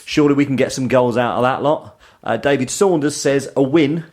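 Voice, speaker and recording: A man's voice: mid-range voice, fairly quick, a little mellow. A married man hosting a fan radio show, joking and laughing as he reads out listener messages. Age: adult, married. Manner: jokey, laughs often while reading listener messages. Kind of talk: casual chat.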